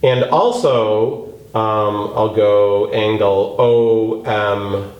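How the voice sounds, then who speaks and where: Slow, roomy-voiced math teacher man. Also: fairly low pitch, muffled recording. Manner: slow, thinking aloud while working a proof. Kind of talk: geometry lesson lecture. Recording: roomy recording with faint noise.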